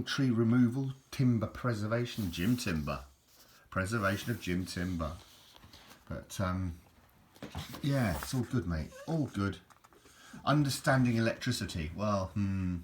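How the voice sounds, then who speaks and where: A man chatting casually while leafing through an old repair book, rambling and restarting his sentences. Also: sits low. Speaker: book reviewer. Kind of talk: casual chat. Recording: noisy home recording.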